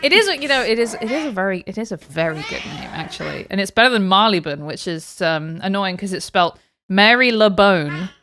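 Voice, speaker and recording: A woman's voice: medium pitch, expressive, quick pace, few pauses, sharp tone, a little hiss or hum. A woman with an English accent co-hosting a podcast, chatting casually, joking and swearing freely. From England. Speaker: podcast co-host.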